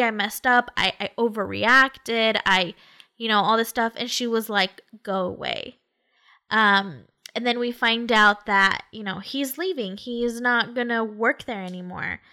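A woman chats casually, retelling a story in an animated way with plenty of fillers. Her voice is bright and a little high.

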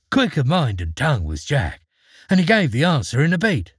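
A man narrating a fairy tale in an expressive, dramatic storytelling manner. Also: mid-range voice, moderate pace, breathy edge, no echo, studio quality.

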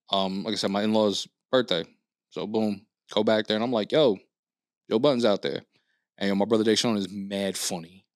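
Animated man telling a story on a podcast. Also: on the low side, no echo, clean studio sound. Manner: animated storyteller, acts out quotes, frequent swearing and fillers. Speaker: podcast co-host. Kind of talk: casual storytelling chat.

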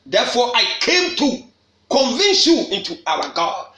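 A man preaching at a prayer meeting, shouting and repeating phrases for emphasis. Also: very high-pitched, big pitch swings, unhurried, a little hiss or hum. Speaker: apostle leading a prayer meeting. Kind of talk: fiery preaching. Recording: echoey room.

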